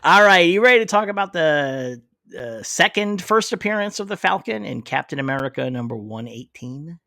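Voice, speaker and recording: A man's voice: a little high, expressive, normal speed, vocal fry, bright, forceful tone, no room sound, clean studio sound. A man co-hosting a casual podcast about comic books, laughing often and swearing casually. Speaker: podcast co-host. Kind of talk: casual comic book chat.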